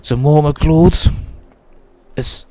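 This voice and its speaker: A man's voice: fairly high pitch, slow, warm tone, dry recording. A man giving chatty, jokey commentary as he plays a game and talks to himself. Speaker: let's play host. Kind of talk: casual gameplay commentary.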